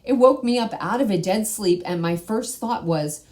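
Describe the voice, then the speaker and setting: A woman's voice: mid-range voice, animated, normal speed, darkish tone. Chatty woman sharing a testimony. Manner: conversational, frequent "like" and "right?". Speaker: channel host sharing a spiritual testimony. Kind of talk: personal testimony to camera.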